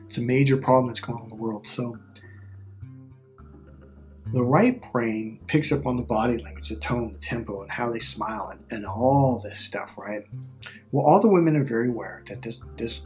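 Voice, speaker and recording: Over soft background music, a middle-aged man speaks casually to the camera as a relationship coach, using a mid-range voice at a moderate pace. He is emphatic and repetitive, and he swears freely.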